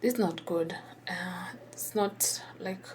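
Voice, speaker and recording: A woman whispering a personal story, halting and hesitant with many pauses and restarts. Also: on the low side, darkish tone, a little hiss or hum.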